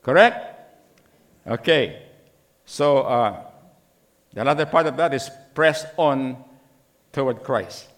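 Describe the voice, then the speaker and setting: A man's voice: mid-range voice, takes it slowly, pauses often. A middle-aged man preaching a sermon as pastor, asking the congregation many questions and acting out voices from scripture. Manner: acts out voices in the scripture story.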